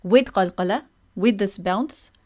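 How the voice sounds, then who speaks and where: A woman teaching a recitation lesson, explaining slowly and patiently and demonstrating the sounds herself. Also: medium pitch, warm tone. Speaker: tajweed teacher. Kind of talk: online lesson with recitation examples.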